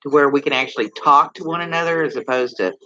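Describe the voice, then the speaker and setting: Man, Texas accent, casual livestream chat, rambling, bright voice, dull lo-fi sound. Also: on the high side, fast talker. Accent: Texan. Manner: rambling, talks straight to viewers with many questions. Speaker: livestream host.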